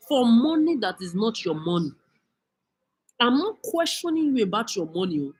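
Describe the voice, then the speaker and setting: A woman's voice: on the high side, big pitch swings, normal speed, a little mellow, husky, low-quality recording. A woman with a Nigerian accent delivering an angry rant monologue, cursing and scolding as she mixes in Pidgin. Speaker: vlogger.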